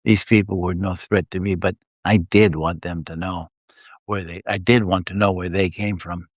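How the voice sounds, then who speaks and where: A man reading his own first-person adventure story aloud on a live stream, telling it in a steady way. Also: sits low, moderate pace, dry recording, studio quality.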